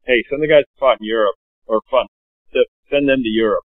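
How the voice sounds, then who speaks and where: A man's voice: mid-range voice, fast talker, no echo. A man appearing as a podcast guest, telling stories casually in a rambling way full of "you know". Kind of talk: casual storytelling chat. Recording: dry, phone-like narrow sound.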